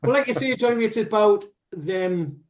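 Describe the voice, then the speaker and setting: A man co-hosting a relaxed music podcast, talking in a voice that sits a little on the high side. He explains his views at length with plenty of asides, drifting from one tangent to the next. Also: normal speed. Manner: rambling, animated explanations with asides. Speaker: podcast co-host. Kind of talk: casual music review chat.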